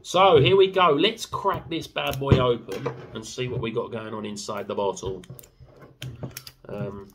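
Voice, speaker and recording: A man's voice: medium pitch, unhurried, background noise. A young man chatting casually in a sauce review vlog, rambling with fillers and swearing freely. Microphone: camera mic.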